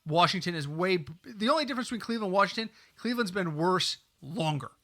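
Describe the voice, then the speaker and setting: Bright-voiced man chatting on a podcast. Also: high-pitched, lively intonation. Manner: chatty, storytelling, quick asides. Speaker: podcast co-host. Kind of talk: casual podcast chat. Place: home podcast studio, indoors. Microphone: desk mic.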